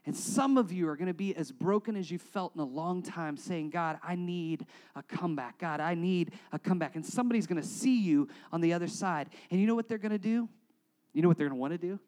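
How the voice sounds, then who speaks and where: A man preaching as a pastor, guiding a congregation through communion, talking directly to them and swinging from loud urging to hushed prayer. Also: high-pitched, lively intonation, quick pace, poor audio. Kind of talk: sermon leading communion.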